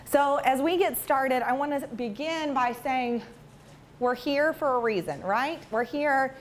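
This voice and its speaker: A woman's voice: fairly high pitch, a little hiss or hum. A woman, a counselor giving a chatty, self-deprecating talk to parents in a school meeting room. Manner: chatty and self-deprecating, acts out funny stories. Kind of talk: lively public talk to parents.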